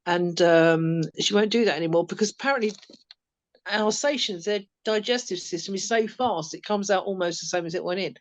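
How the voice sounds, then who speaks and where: A woman's voice: mid-range voice, a little fast. A middle-aged mother casually telling a family story, rambling with many ums.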